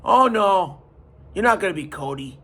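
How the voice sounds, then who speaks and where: A man's voice: high-pitched, lively intonation, moderate pace, a bit bright. A man voicing a scheming, mocking older boss of a company, as he retells a story. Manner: sneering, mocking. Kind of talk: retelling with put-on voices.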